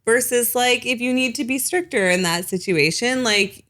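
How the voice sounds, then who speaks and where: This guest psychologist talks through her points at length on the podcast, keeping it casual and sprinkling in plenty of "like" and "you know." When she quotes parents, she briefly imitates their voices. Her tone is fairly bright, her pitch slightly high, and her pace ordinary.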